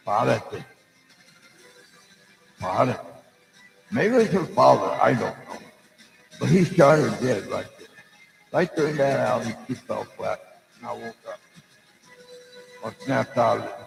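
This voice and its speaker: A man's voice: medium pitch, lively intonation, moderate pace, vocal fry, pauses often, music in the background. A middle-aged man, a psychic hosting a live stream, telling a meandering story full of fillers and lost threads. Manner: meandering, loses his thread, many fillers. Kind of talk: rambling spoken storytelling. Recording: echoey room with long reverb.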